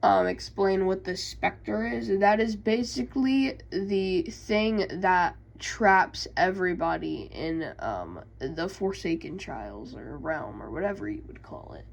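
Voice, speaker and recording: A woman's voice: fairly low pitch, animated, slow, vocal fry, few pauses, rough recording. A woman casually recapping video game lore, hesitant, with many fillers and self-corrections. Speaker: YouTube creator.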